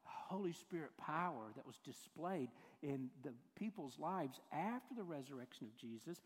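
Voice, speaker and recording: A man's voice: on the high side, expressive, normal speed. A male pastor, giving a conversational sermon full of acted-out quotes. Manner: conversational storytelling, acts out quoted voices. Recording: hall reverb.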